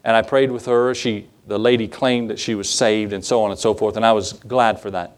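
A man's voice: fairly low pitch, steady tone, brisk. A male pastor giving a sermon, telling folksy personal stories in an earnest, conversational way, likely in a church sanctuary.

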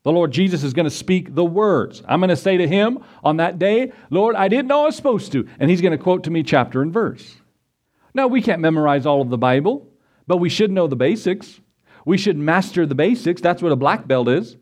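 A man preaching to his congregation in a folksy, conversational way. His voice sits a little high for a man, and he drifts into acted-out quotes and short stories to make his point. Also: animated, a little fast, a little mellow. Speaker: pastor. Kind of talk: sermon.

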